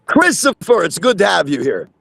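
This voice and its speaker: A man's voice: high-pitched, sing-song, moderate pace, gravelly, fairly bright tone, breathy edge, no echo. A man hosting a casual live chat from his phone in his truck, rambling and repeating himself. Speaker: host.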